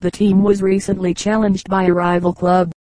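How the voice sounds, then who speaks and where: A woman reading short humorous anecdotes aloud as an audiobook, with a steady, even storytelling delivery. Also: medium pitch, moderate pace, dry recording, poor audio. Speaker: audiobook reader. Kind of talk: scripted narration of short jokes.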